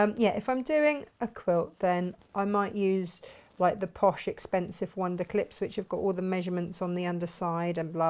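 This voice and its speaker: A woman's voice: lowish voice, fairly even intonation, moderate pace, hardly any pauses, darkish tone. A woman chats her way through a sewing project, narrating each step as she goes. She is casual and self-mocking, breaking off now and then as she concentrates. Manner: chatty, self-mocking, talks while working. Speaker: sewing vlogger and shop owner. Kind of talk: casual sewing tutorial chat.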